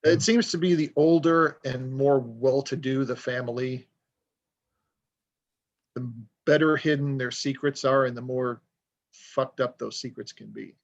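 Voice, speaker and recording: Casting note: gravelly man, chatty author guest, dull lo-fi audio. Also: medium pitch, measured pace. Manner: rambling, storytelling, self-deprecating. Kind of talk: casual podcast conversation.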